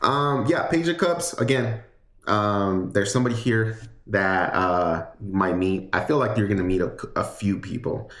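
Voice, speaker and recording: A man's voice: lowish voice, moderate pace, a bit bright, echoey room. A man giving a casual livestream tarot reading, chatty and rambling with many fillers and restarts. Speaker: tarot reader.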